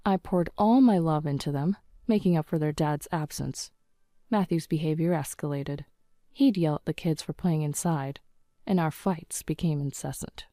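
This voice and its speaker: A woman narrating a scripted first-person story in a calm, even manner. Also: low voice, moderate pace, no echo, clean studio sound.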